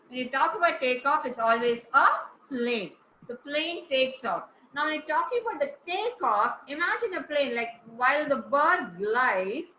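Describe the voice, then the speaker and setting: A woman's voice: high voice, pushed and bright, slight background noise. A woman teaching intonation to a class, encouraging and praising students as she goes. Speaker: speech trainer. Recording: roomy, dull-sounding recording.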